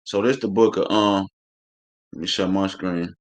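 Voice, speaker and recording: A man teaching a live-streamed scripture class has a low, steady voice at normal speed. He reads verses aloud before giving blunt, coarse, preachy commentary, swearing freely and repeating "man" constantly.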